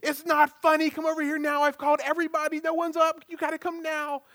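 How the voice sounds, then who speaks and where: A man imitating his panicked seventy-year-old mother, who is terrified of snakes, in a frantic, shrill, pleading voice. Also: monotone, fast talker, fairly bright tone.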